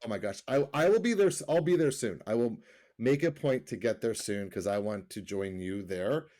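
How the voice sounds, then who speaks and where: A man's voice: lowish voice, expressive, normal speed, warm tone. Middle-aged male podcast co-host, loose rambling delivery, joining remotely. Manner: rambling, self-correcting, laughs easily. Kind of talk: casual remote podcast chat. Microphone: remote call.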